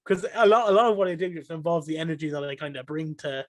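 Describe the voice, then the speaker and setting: An excitable young Irish man with a high voice talks as a guest on a casual podcast. He gets emotional and animated as he speaks. The sound is dry and close-miked. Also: quick pace, dry recording. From Ireland. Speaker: podcast guest, streamer and caster.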